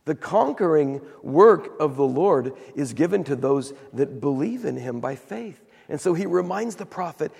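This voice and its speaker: A man preaching a sermon in a church, his slightly high voice gravelly and husky. He tells the story with animated retellings of the characters' words, and a long hall reverb trails behind him. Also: unhurried, few pauses. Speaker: pastor.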